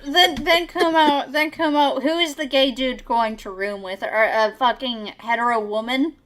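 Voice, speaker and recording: A woman chatting on a livestream with a high, bright voice. She cuts in often and hedges with fillers. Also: moderate pace, a little hiss or hum. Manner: interjecting, hesitant filler talk. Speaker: livestream co-host. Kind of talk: casual livestream commentary.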